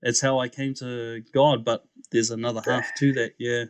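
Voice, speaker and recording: Speaking at a normal pace in a medium-pitched voice, a New Zealand man shares his testimony as a podcast guest. He's an animated storyteller who does voices and keeps addressing the host as "bro," and the recording is dry.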